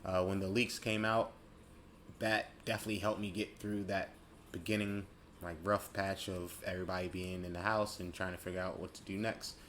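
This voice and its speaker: Deep-voiced man musing aloud. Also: level tone, normal speed, fairly bright tone, a little hiss or hum. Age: late 20s. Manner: rambling, self-correcting, thoughtful. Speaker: podcast host. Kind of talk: casual reflective monologue.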